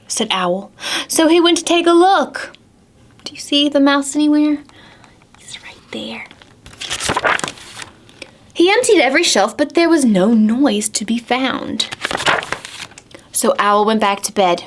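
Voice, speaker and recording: A woman's voice: on the high side, animated, slow, long pauses, background noise. A young woman who is a children's librarian, reading a picture book aloud at a preschool storytime and asking the children encouraging questions.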